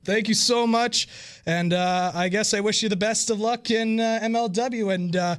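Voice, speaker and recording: A man with a high voice asks polite, hesitant questions, full of ums and uhs. His tone is easygoing and apologetic. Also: steady tone, moderate pace, clear, resonant tone. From Canada. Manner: polite, hesitant, filler-heavy. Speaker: interviewer. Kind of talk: casual interview.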